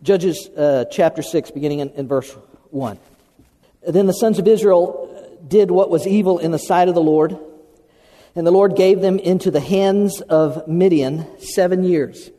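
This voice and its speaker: A man's voice: high voice, measured pace, dark tone, long reverb tail. An American man preaching a sermon in a folksy, conversational way, repeating phrases for emphasis. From United States. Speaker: pastor.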